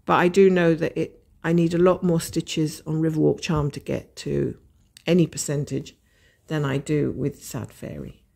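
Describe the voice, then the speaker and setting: A woman's voice: deep voice, steady tone, normal speed, creaky, darkish tone. A woman with a Scottish accent hosting a casual stitch-along chat, thinking aloud and weighing her options. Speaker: host of a cross-stitch channel.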